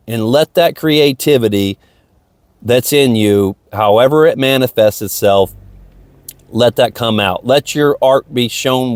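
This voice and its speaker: Heard in studio quality with no room sound, a podcast host with a mid-range male voice wanders through a casual, motivational, stream-of-consciousness monologue outdoors near a lake, often repeating himself.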